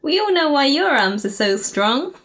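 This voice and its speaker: Woman doing a lively, gossipy kitchen maid, coarse and cheeky. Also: high voice, normal speed. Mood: teasing. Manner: coarse, nosy, working-class.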